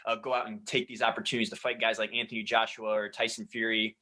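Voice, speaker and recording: Bright-voiced man explaining sports news. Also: lowish voice, little pitch movement, fast talker, rough recording. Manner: explanatory, full of fillers like "like" and "kinda". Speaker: sports podcast co-host. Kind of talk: casual sports chat.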